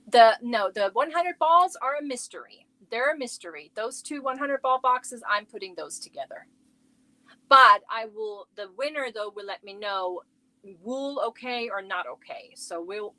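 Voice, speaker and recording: Female host, bright higher register, relaxed slow chatty delivery, casual at-home stream. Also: dry recording, rough recording. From Germany. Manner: chatty, reacts to viewer comments while showing yarn. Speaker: crochet livestream host. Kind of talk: casual livestream chat.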